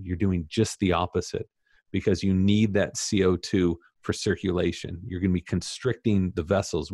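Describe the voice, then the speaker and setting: A man being interviewed as an author, talking casually in an animated, emphatic, self-deprecating way. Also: deep voice, dry recording, clean studio sound. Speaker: author guest.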